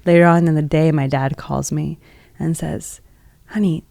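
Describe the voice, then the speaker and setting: Earnest gravelly-voiced woman telling a story. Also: low-pitched, steady tone, normal speed, darkish tone, dry recording. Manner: heavy use of "like" as filler; earnest, emotional retelling. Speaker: podcast guest, energy healer. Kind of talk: casual personal storytelling.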